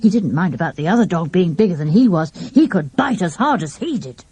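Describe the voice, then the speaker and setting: A woman narrating a children's mystery audiobook with a lively, expressive reading. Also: lowish voice, fairly quick, breathy edge, no room sound. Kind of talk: storybook narration.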